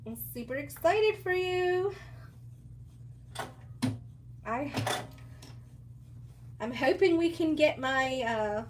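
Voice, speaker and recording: A woman's voice: sits high, lively intonation, slow. Chatty woman sewing on a live stream. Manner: chatty, laughs often, answers viewers. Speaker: sewing livestream host. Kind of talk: casual live chat while sewing. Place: sewing workspace away from home. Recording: distant mic with audible background noise.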